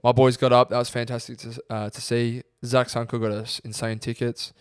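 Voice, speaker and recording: Laid-back young Australian podcast host. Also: male voice, mid-range voice, flat delivery, brisk, clear, resonant tone, no room sound, clean studio sound. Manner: laid-back storytelling, swearing freely. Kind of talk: casual chat.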